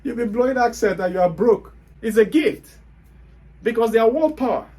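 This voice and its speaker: Speaking with extreme high pitch, a moderate pace and a warm, animated tone, a Nigerian man with a Nigerian accent hosts a motivational monologue. He hectors emphatically, pressing his points with rhetorical question after rhetorical question.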